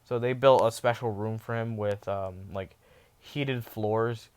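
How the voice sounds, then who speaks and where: A man's voice: lowish voice, fairly even intonation, a little slow, clear, resonant tone. A man casually narrating a fan-made story, rambling, with many fillers and restarts.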